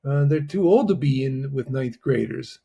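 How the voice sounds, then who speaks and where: A man's voice: mid-range voice, lively intonation, moderate pace, creaky, mellow, breathy edge. A man teaching a Chinese lesson in a patient, explanatory way, often checking in with "right?". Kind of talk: online language lesson.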